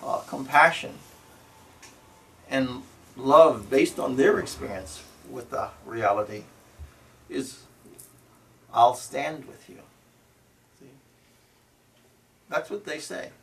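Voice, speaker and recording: Gravelly-voiced man giving a spiritual talk. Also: mid-range voice, fairly bright tone. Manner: tags phrases with "See?" and "You know"; slow, deliberate and repetitive. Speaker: spiritual teacher. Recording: voice from a distance to the mic.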